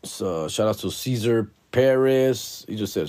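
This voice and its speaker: A man's voice: on the low side, expressive, measured pace, warm tone. A young man hosting a casual solo podcast. He talks loosely and profanely, full of slang, and mumbles while he searches through his notes. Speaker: podcast host.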